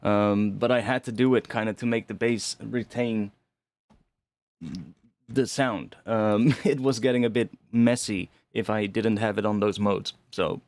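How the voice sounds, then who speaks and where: Low-voiced man thinking aloud. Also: fairly even intonation, measured pace, a little mellow, dry recording. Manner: thinks aloud, rambling, restarts and mild swearing. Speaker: music producer streaming a session. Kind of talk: casual live-stream commentary while producing.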